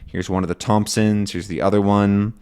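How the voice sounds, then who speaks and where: A man teaching English to learners, explaining a comic slowly and patiently, repeating and rephrasing, often checking "right?". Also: lowish voice, level tone, a little mellow, clear, resonant tone. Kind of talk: slow explanation for language learners.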